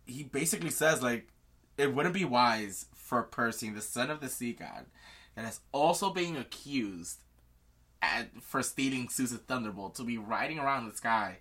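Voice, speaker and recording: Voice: medium pitch, animated, moderate pace, fairly bright tone, breathy edge. A podcast co-host animatedly retelling a book chapter in casual chat, swearing freely and acting out the characters.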